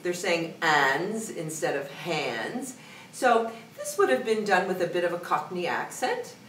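A woman music teacher leading a singing lesson, singing short phrases and then coaching in a soft, brisk speaking voice. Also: on the low side, sing-song, slight background noise. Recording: roomy sound from a distance, piano behind. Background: piano.

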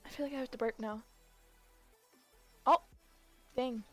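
A woman's voice: fairly high pitch, steady tone, a little slow, soft background music. A young woman streaming a game live, chatting casually with viewers, giggling and stumbling over her words. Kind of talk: casual live-stream chat while gaming.

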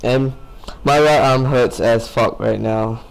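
A man's voice: medium pitch, fairly even intonation, takes it slowly, gravelly, clean tone, poor audio. A sleepy young man commenting casually on his gameplay, rambling to himself and swearing. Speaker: gamer.

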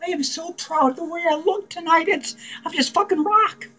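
A shrill cackling unhinged clown. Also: male voice, moderate pace, pushed and bright, rough recording. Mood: giddy. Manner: cackling, profane, giddy rambling. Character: manic, unhinged male clown, giddy and crude. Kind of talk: comedic character vlog monologue.

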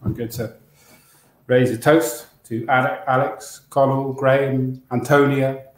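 A man's voice: mid-range voice, fairly even intonation, a little slow. A man from England co-hosting a casual chat show, enthusiastic and rambling, with many restarts. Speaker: podcast co-host. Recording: roomy echo.

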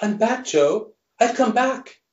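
A man voicing a sultry blonde creature posing as a female screen star, in a hoarse, pleading falsetto while reading his story aloud. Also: expressive, slow pace. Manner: pleading, purring. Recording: roomy, dull recording.

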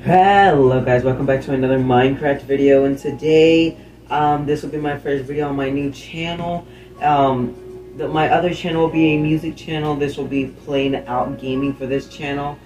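A man's voice: fairly high pitch, steady tone, moderate pace, darkish tone, roomy sound, soft background music. A young man hosting a gaming channel in casual commentary, laid-back and rambling, with many ums. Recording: distant mic with faint background noise.

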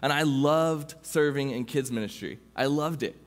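A young adult man from Southern California preaches a sermon as a youth pastor in a church sanctuary, telling a personal story informally and restarting his sentences. His voice is medium-pitched, his pace moderate, and the church hall adds long reverb.

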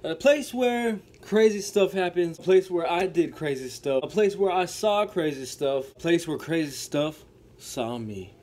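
A man's voice: on the high side, animated, unhurried, darkish tone. A man telling a story-time monologue to his viewers, dramatic and repetitive, who keeps calling them folks. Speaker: storytelling vlogger.

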